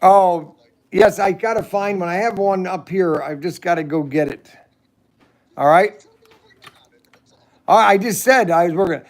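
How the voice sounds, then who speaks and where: Casting: middle-aged male livestream host, slow and gravelly delivery, rambling chat. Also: high voice. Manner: rambling, chats with viewers' comments. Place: shed.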